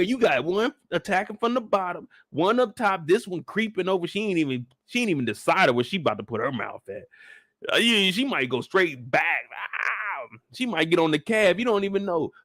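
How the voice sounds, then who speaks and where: A young man talks through a TV episode in a loose, animated and profane way, cracking jokes and now and then breaking into shouts. His voice sits a little high for a man. The sound is dry and close, with no room around it. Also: no echo. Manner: animated, profane, joking, jumps into loud shouted bits. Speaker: show recap reviewer. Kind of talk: casual live recap commentary.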